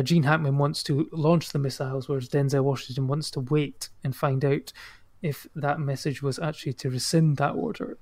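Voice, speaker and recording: A man's voice: a little high, a little mellow. A Scottish man co-hosting a podcast, chatting casually about films in a loose, rambling way full of fillers. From Scotland. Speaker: podcast co-host. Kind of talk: casual film chat.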